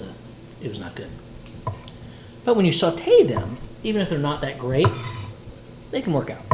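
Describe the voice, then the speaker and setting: A playful, chatty man talks to his stream viewers while he cooks at home. His voice bounces around a roomy kitchen, and a sizzling pan is clearly heard behind him. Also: medium pitch, noisy background. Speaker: livestreamer cooking dinner. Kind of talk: casual livestream chat while cooking.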